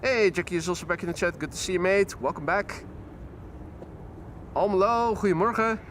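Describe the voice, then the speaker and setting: A man's voice: high voice, normal speed. A man hosting a live plane-spotting stream outdoors beside the water, chatting playfully with his viewers. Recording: loud outdoor traffic noise.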